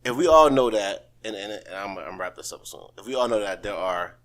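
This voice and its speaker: A man co-hosting a loose podcast chat, arguing his point insistently and doubling back on words. His pitch swings widely, rising high when he pushes back. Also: expressive, brisk, fairly bright tone. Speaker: podcast co-host. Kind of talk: casual chat.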